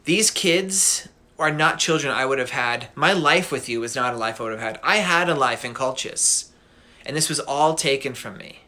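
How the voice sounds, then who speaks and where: A man's voice: medium pitch, normal speed, sharp tone, lightly acted. A man voicing a scorned, vengeful sorceress who pleads, then feigns graciousness. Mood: bitter.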